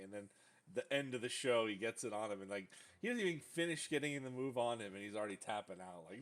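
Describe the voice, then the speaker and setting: A man's voice: on the low side, brisk, slight background noise. A man hosting a casual podcast, bantering loosely with jokes, swearing and mocking impressions. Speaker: podcast host.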